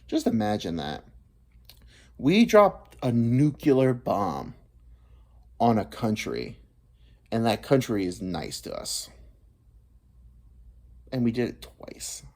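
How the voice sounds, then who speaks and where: A man's voice: medium pitch, very animated, takes it slowly, long pauses, darkish tone. A man in his thirties, vlogging a rambling, profane comic monologue that drifts between topics. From United States. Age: 30s. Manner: profane, meandering, self-deprecating.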